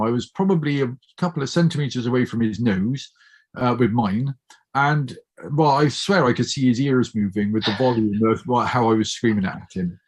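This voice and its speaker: Middle-aged male guest with a husky, mid-range voice, telling a story casually and playing every part. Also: medium pitch. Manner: lively storyteller who acts out quoted speech. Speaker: guest speaker. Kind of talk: casual storytelling in a chat show.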